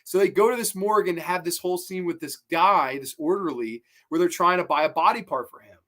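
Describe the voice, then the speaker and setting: A man hosting a horror movie review show, chatting casually, swearing freely and retelling scenes with excitement. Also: sits high, fairly quick.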